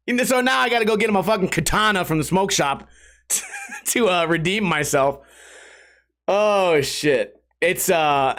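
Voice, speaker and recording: A man hosting a solo podcast, telling rambling stories in a casual, animated way, laughing and swearing along. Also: sits high, a little slow. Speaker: podcast host.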